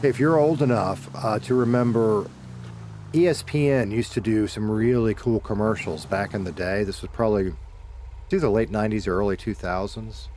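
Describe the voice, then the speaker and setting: A man's voice: on the low side, moderate pace, a little mellow, slight background noise. A middle-aged man with a Southern US accent, chatting casually to his viewers while he plays, rambling, correcting himself, and cursing now and then. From Deep South of the United States. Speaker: streamer.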